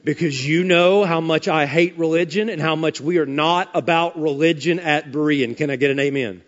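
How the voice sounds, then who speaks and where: A man's voice: a little high, moderate pace. A male pastor preaching a fiery, emphatic sermon in a church, calling out for amens and asking the congregation questions. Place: church sanctuary. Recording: dull lo-fi sermon audio with long hall reverb.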